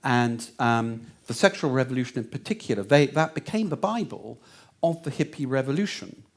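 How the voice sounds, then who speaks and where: A man's voice: mid-range voice, animated, normal speed. A man giving a lecture answer, meandering with many fillers and restarts.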